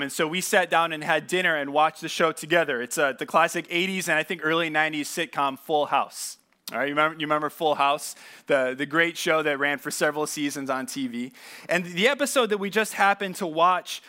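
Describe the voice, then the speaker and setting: Bright, high-voiced male pastor. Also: brisk. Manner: casual storytelling with asides and repeated words. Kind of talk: conversational sermon.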